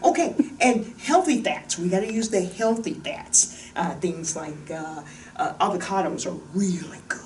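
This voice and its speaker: A chatty woman wellness coach talks through a diet list with lots of jokes and a lively, swooping pitch. She stands a little back from the mic, and faint room noise hums underneath. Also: unhurried, distant mic. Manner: chatty, joking, animated. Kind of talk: casual diet talk to camera. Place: room with a whiteboard.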